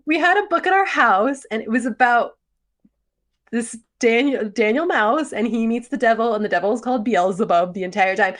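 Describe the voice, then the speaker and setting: Animated woman in her forties. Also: a little high, moderate pace. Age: 40s. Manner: animated storytelling, laughs often. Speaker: podcast co-host. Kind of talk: casual chat.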